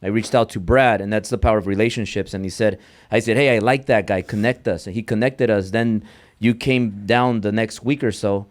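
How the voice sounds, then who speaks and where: A man's voice: fairly low pitch, steady tone, fairly quick. A man hosting a podcast, agreeing often and asking long rambling questions. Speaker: podcast host. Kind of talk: casual interview.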